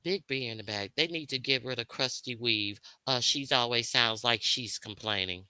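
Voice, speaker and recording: A bright, sharp-toned woman delivers a confrontational, expletive-laden rant to her livestream audience. She circles back over the same points and hurls questions at her detractors, all in a close, dry-sounding recording. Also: extremely low pitch, moderate pace, no room sound. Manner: confrontational, profane, repetitive. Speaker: livestream host. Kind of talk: heated unscripted rant to viewers.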